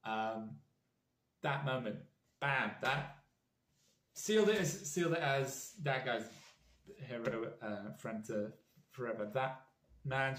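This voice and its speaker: A man with a British accent giving a heartfelt, rambling fan message with frequent restarts. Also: medium pitch. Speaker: fan vlogger. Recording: roomy echo.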